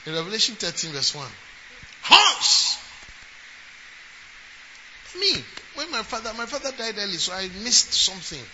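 A man preaches in a strikingly high voice, swinging from conversational storytelling into forceful, shouted emphasis. The sound is muffled and lo-fi, with a clear wash of noise behind him. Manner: emphatic preaching, rising to shouts and acting out quotes. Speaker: bishop and preacher. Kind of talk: sermon. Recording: lo-fi with steady background noise.

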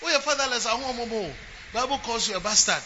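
A man preaches in a strikingly high voice, swinging from conversational storytelling into forceful, shouted emphasis. The sound is muffled and lo-fi, with a clear wash of noise behind him. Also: quick pace. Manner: emphatic preaching, rising to shouts and acting out quotes. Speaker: bishop and preacher. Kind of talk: sermon. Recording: lo-fi with steady background noise.

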